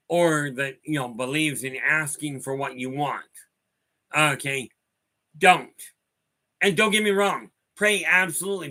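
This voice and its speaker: A man's voice: a little high, bright, forceful tone. A man hosting a spiritual talk stream, rambling through stories and calling out viewers by name. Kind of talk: casual talk answering viewer chat.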